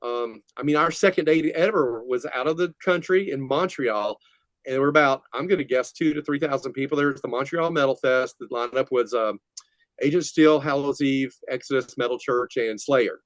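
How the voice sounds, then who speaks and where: A man's voice: medium pitch, moderate pace, dry recording. An older man, a metal musician guest, telling rambling stories in a casual interview and laughing often. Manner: rambling, laughing, animated retelling.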